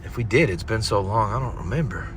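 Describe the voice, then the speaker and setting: A man's voice: lowish voice, lively intonation, fast, a little hiss or hum. A man from Florida with a Southern country accent, chatting casually and swearing on a vlog recorded on a handheld phone. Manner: rambling, jokey, swears a lot. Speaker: paranormal vlogger. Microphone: phone camera held by a companion.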